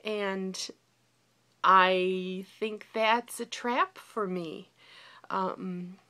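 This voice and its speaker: A woman's voice: mid-range voice, fairly even intonation, very slow, bright, forceful tone. A woman in her forties talking candidly in a reflective personal video diary. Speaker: vlogger.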